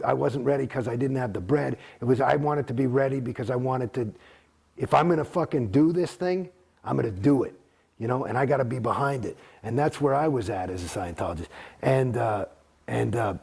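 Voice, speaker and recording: A man's voice: medium pitch, vocal fry, a little mellow, slightly rough. A man giving a candid interview, blunt and heavy on profanity, rambling with frequent restarts. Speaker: interview guest.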